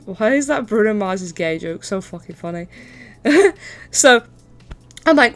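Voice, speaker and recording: A young woman streamer spinning a story in loose, chatty talk. She curses casually and often laughs between sentences. Her voice sits in a middle pitch for a woman. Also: expressive, a little slow, long pauses, faint music behind.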